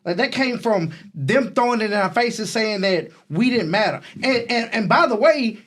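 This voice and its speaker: A man's voice: high voice, expressive, moderate pace, a bit bright. A man, co-hosting a casual podcast debate. He rambles, restarts sentences and stacks repeated words as he builds his point. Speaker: podcast co-host.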